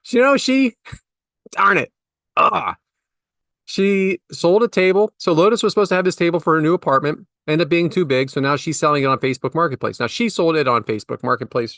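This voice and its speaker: A man's voice: no room sound, studio quality. A middle-aged man co-hosting a podcast, telling exasperated everyday stories in a casual chat. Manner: animated, exasperated storytelling with big pitch jumps. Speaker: podcast co-host.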